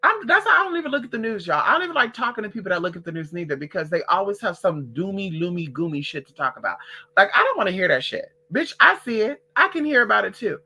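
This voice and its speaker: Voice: mid-range voice, very animated, quick pace, sharp tone, husky. A vlogger ranting casually to the camera, sassy and profane, who calls listeners girl and honey and hammers phrases by repeating them.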